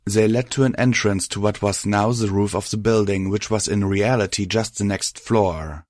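Low-voiced man narrating a story. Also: steady tone, normal speed, no echo, clean studio sound. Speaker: reader. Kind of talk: first-person fan fiction audiobook narration.

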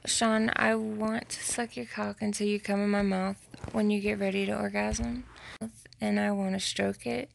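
A woman recording an intimate voice message to her partner, talking in a slow, teasing way that slips into whispers. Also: vocal fry. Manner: slow, low-key and teasing, slipping into whispers.

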